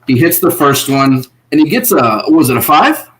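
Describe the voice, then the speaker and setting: A man's voice: mid-range voice, normal speed, poor audio. A man co-hosting a casual online show, talking animatedly and laughing often. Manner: animated, laughs often, voices quoted contestants. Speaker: podcast co-host. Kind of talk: casual recap chat.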